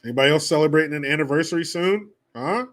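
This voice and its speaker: A man's voice: fairly high pitch, fast talker, a bit bright. A man hosting a livestream, chatting casually and reading viewer donations with crude, profane jokes. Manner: crude, joking, profane banter. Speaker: livestream host.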